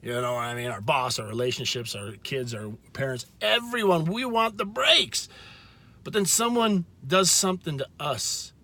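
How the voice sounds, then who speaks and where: A man talking earnestly to his viewers in a casual faith talk, with frequent restarts and slow, stressed words. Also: fairly high pitch, lively intonation, sharp tone. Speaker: video host.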